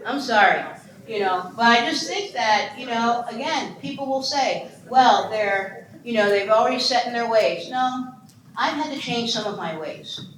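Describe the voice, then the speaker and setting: A woman in her sixties from Ohio giving an animated, humorous keynote talk on adoption and quizzing her audience. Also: fairly high pitch, unhurried. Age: 60s. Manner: animated, chatty, self-deprecating humor. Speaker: conference speaker on foster care and adoption. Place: conference hall. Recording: echoey room with faint noise.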